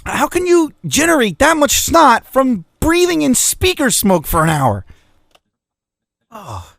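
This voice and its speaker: A man's voice: extremely high pitch, wildly swooping pitch, slow, creaky, a bit bright, no echo, clean studio sound. A man hosting a casual radio show, reading listener messages with crude, mocking, profane banter while sneezing through an allergy attack.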